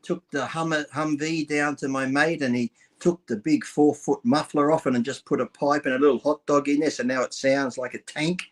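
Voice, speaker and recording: A man's voice: on the high side, fairly even intonation, normal speed, few pauses. An Australian man in his fifties, a guest trading irreverent crude jokes in casual banter. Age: 50s. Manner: irreverent, tells dirty jokes with put-on character voices.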